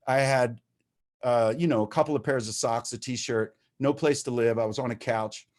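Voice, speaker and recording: Man, recovery-meeting speaker on a video call; candid, animated, casual swearing. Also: medium pitch, normal speed. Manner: animated, swears freely, gets worked up. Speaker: recovering addict sharing at a meeting. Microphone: video-call microphone.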